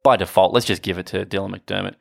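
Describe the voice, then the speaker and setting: A man co-hosting a casual movie podcast, blunt, enthusiastic and quick to swear. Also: sits low, fairly even intonation, creaky, no echo, studio quality. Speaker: podcast co-host.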